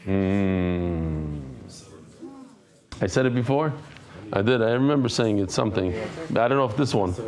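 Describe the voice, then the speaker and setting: A middle-aged man from the United States leading a Talmud class before a live audience, chatting, joking and quickly reading out names. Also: lowish voice, animated, a little mellow. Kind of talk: casual class talk. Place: study hall with a live audience.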